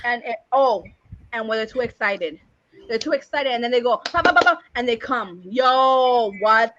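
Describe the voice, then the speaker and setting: A woman with a Puerto Rican accent, co-hosting a casual chat, loud and laughing, switching between Spanish and English. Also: a little high, normal speed, dull audio, slight background noise. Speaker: podcast co-host.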